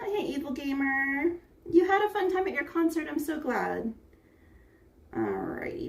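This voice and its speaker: This woman from the United States has a high, expressive voice and talks a little slowly as she hosts an easygoing cooking stream, saying hello to viewers one at a time by name. She is captured far from her phone's front camera.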